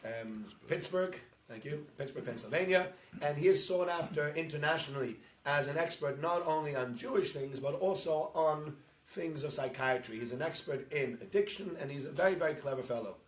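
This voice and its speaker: Male rabbi, informal talk, animated storyteller, a bit high, roomy echo. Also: moderate pace. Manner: chatty storyteller, rising into animated emphasis. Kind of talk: informal talk to a congregation, streamed live. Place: synagogue hall.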